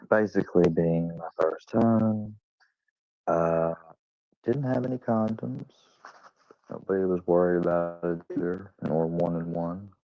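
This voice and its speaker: A man's voice: sits low, vocal fry, no echo. A young man rambling through a crude, self-mocking personal story in casual vlog style. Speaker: vlogger. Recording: dull lo-fi dry recording.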